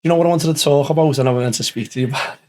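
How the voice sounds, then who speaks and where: Man, podcast host, sweary, fast, slightly high voice, acts out quotes. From Liverpool, England. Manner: sweary, animated storyteller acting out quotes. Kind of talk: casual chat.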